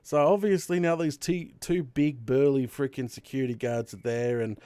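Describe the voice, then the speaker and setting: A young Australian man, a streamer host, telling a story in casual chat with laughter and lively retelling. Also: medium pitch, normal speed, smooth, dry recording.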